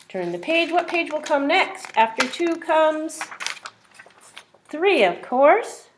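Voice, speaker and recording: A woman's voice: high voice, lively intonation, takes it slowly, a little hiss or hum. A woman teacher reading a simple phonics book aloud to young children, sounding out words and asking questions.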